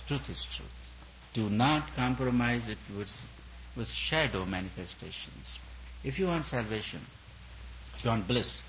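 A man's voice: on the low side, fairly bright tone, muffled recording, a little hiss or hum. A man, a spiritual teacher, giving an earnest discourse at a retreat, building his points through repeated emphatic phrases.

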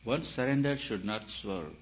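A spiritual teacher, a man, speaks emphatically and poses rhetorical questions. His voice swings between loud and soft. The recording is dull and lo-fi, with a faint hiss under it. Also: fairly low pitch, expressive, measured pace. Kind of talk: spiritual talk.

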